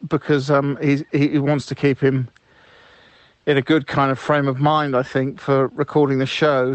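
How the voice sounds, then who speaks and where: A man leaving chatty, offhand voicemails in a deadpan comedy, stumbling over restarts. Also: a little high, dry recording. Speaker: friend arranging the job by voicemail.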